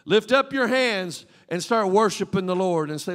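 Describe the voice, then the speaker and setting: A man preaching a sermon as pastor, fervent, with call-and-response prompts to the congregation and swings between loud exclamations and quiet asides. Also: sits high, lively intonation, moderate pace, in a large hall. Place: church sanctuary.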